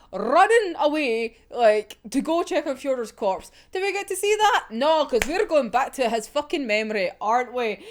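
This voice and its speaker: Excitable sweary young woman. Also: high voice. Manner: excitable, sweary, laughs often. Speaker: manga reaction video host. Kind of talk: casual chapter reaction.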